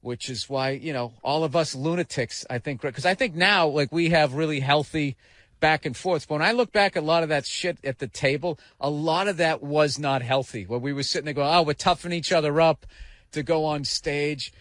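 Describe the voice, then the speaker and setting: A man telling profane stories in casual radio talk show chat, breaking into loud shouted impressions. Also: fairly high pitch, fairly quick, no echo. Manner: profane storyteller, animated bursts of shouting impressions.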